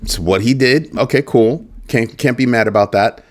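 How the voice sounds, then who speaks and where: This man speaks at a medium pitch and a moderate pace while running a laid-back crypto news livestream. Between bits of commentary he trades jokes with the chat, repeating "just saying" again and again.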